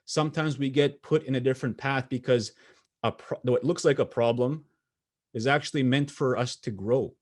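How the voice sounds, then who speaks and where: A young adult man from Canada giving a motivational keynote, telling personal stories in an earnest, pausing way with small restarts. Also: medium pitch, darkish tone. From Sweetgrass First Nation, Saskatchewan, Canada. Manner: earnest storytelling with pauses and restarts. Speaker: motivational speaker. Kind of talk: keynote speech.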